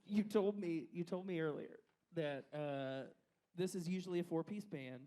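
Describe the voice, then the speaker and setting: A man hosting a live comedy-and-music show, loud and profane, joking with a bar audience. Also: a little high, moderate pace. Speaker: host. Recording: live venue, crowd audible.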